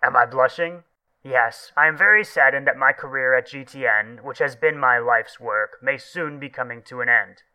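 A man's voice: medium pitch, moderate pace, sharp tone, rough recording. An actor playing a self-important male TV news anchor with a formal broadcast delivery. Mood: self-satisfied.

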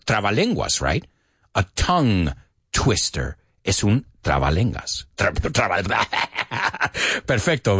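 Playful male English teacher, wildly animated. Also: medium pitch, slightly rough, no room sound, clean studio sound. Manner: playful, animated teacher who drills words aloud; mixes Spanish into his English. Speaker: host of an English pronunciation show. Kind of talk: live-streamed English lesson.

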